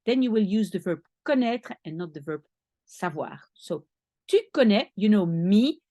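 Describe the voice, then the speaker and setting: A woman's voice: mid-range voice, animated, moderate pace, warm tone, no echo, studio quality. A woman teaching a French lesson in English, explaining patiently step by step and spelling out each French word. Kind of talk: language lesson.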